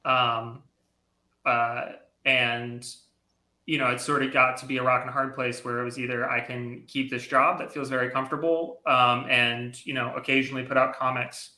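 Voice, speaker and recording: A young adult man speaks candidly as an interview guest, halting often with ums. His tone is bright and even, with little rise and fall. The sound is roomy and echoey. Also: mid-range voice. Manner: earnest, hesitant, many ums. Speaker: comic artist guest.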